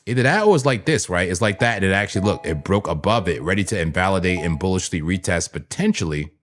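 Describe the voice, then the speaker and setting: A man's voice: low voice, lively intonation, quick pace. A man hosting a crypto trading livestream, chatting loosely with his viewers and rambling with plenty of "like" and "man.". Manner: talks straight to chat viewers. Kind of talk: casual live trading commentary.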